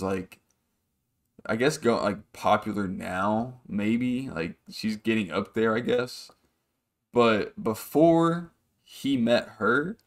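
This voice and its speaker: A man hosting a podcast, rambling through a casual story, swearing freely and acting out the people in it. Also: on the low side. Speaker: podcast host.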